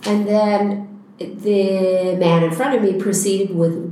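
A woman teacher telling a story in a reflective, unhurried way. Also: fairly low pitch, steady tone, a little mellow, a little hiss or hum. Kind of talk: storytelling in a conversation. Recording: very echoey room.

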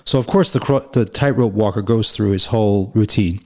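Man teaching on faith, thoughtful, repeats himself for emphasis, lowish voice. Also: fairly quick, darkish tone. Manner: reflective, repeats phrases for emphasis. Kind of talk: reflective spiritual teaching.

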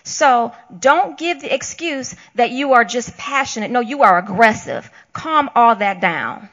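A woman's voice: on the high side, animated, measured pace, a bit bright, muffled recording. A woman co-hosting a Christian talk show, preaching emphatically and acting out the voices she quotes.

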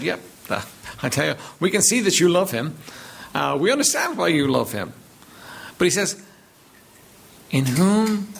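A man's voice: medium pitch, vocal fry, a little hiss or hum. A man preaching a sermon as pastor, reading scripture aloud and emphatically repeating words as he builds his points.

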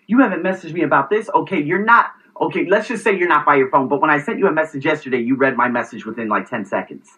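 Male vlog host in his 30s from the US, casual exasperated storyteller with a bright, sharp voice. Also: fairly high pitch, fast talker, few pauses, poor audio. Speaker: show host.

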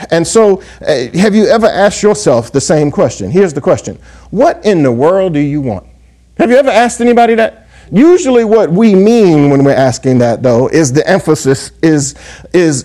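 A man preaching a sermon who reads scripture in old-fashioned wording and keeps checking in with the congregation with "yes?" and "amen?". He slows down to stress key words. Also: on the high side, dark tone. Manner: call-and-response asides, frequent "yes?" and "amen?"; reads scripture aloud in King James wording. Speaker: pastor.

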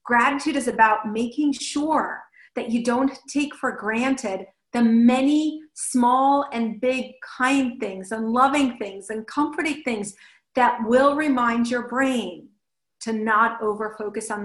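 Lively woman giving a motivational talk. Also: a little high, unhurried, echoey room, poor audio. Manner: lively, animated, acts out inner voices. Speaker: host and speaker.

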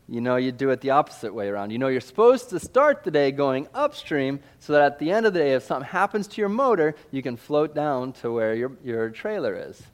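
A man from Missouri telling a lively personal story in a sermon, acting out sound effects and voices. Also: medium pitch.

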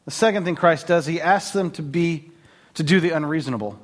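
Lively, joking man preaching a sermon. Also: fairly high pitch, a little fast. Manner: animated, joking storyteller with laughs and filler words. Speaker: pastor. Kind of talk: conversational sermon.

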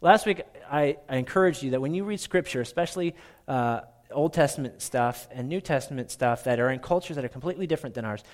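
Animated, conversational preacher man. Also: mid-range voice, fast talker. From Minnesota. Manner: conversational, animated, self-deprecating. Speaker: pastor. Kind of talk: sermon.

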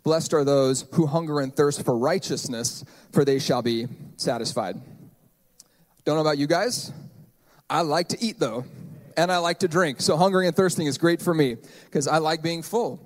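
Guy pastor in his 30s preaching, kinda higher voice, chatty and jokey. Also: moderate pace. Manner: conversational, joking asides. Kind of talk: sermon. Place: church.

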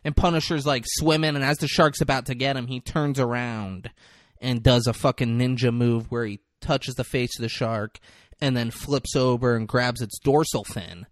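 A man's voice: mid-range voice, fairly even intonation, normal speed, no echo, clean studio sound. A man co-hosting a casual podcast, animatedly retelling a movie scene by scene and swearing freely. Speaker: podcast co-host. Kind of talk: casual movie recap chat.

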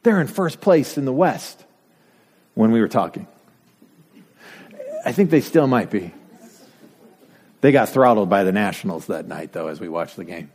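A man's voice: lowish voice, animated, moderate pace, long pauses, a little mellow, slightly rough. A man from Denver preaching a sermon, full of rhetorical questions and dry asides. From Denver, United States. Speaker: pastor. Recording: long reverb from a hall.

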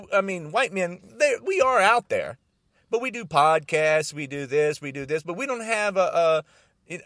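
A man ranting angrily about politics to the camera, repeating himself and bursting into loud emphasis. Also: on the high side, dry recording, clean studio sound. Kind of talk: angry political rant to camera.

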